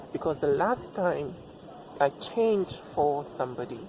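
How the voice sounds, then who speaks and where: A man giving relationship advice in a reflective personal monologue, repeating himself for emphasis and asking rhetorical questions. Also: fairly high pitch. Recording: steady background noise.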